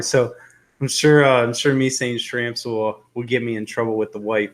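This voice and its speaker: A man's voice: mid-range voice, steady tone, normal speed. A young adult man hosting a casual live stream, rambling and joking as he reads viewer comments aloud. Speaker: livestream host.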